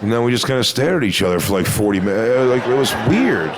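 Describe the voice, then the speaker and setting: A man's voice: mid-range voice, sing-song, fast talker, crowd noise. Crude storytelling man doing stand-up. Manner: storytelling with crude punchlines and shouted bits. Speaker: stand-up comedian. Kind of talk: stand-up comedy routine.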